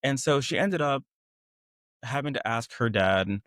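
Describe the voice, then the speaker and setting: A man, a podcast guest, candidly recounting a painful past relationship with animated retelling and frequent laughs at how absurd things were. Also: mid-range voice, measured pace, dry recording. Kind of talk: candid personal storytelling.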